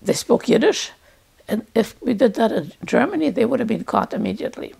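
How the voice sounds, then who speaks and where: A woman in her eighties telling her own life story as personal testimony, speaking in a halting, reflective way with pauses and restarts. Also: fairly high pitch, big pitch swings, gravelly, a little mellow, breathy edge, rough recording. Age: 80s. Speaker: Holocaust survivor recounting her experience.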